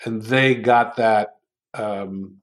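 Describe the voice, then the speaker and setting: Slow, thoughtful man telling stories. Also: on the low side, fairly even intonation. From New York. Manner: unhurried storytelling with many ums. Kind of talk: interview conversation.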